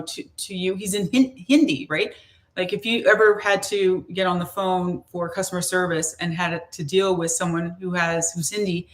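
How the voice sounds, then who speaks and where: Woman, spiritual teacher, chatty rambling storyteller, lowish voice, lots of restarts. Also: fairly bright tone. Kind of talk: casual personal storytelling.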